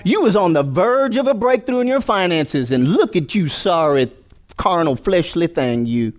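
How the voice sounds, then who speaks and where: A man voicing a scornful male devil who taunts slowly and drags out his words. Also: high-pitched, lively intonation. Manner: slow, drawn-out taunting.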